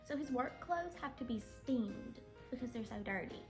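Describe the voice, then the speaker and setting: A woman's voice: sits high, expressive, moderate pace, over music. A woman playing a vain, melodramatic jilted rich wife, swinging from prim bragging to shrieking theatrics. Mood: boastful, aggrieved. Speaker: reality show cast member being interviewed.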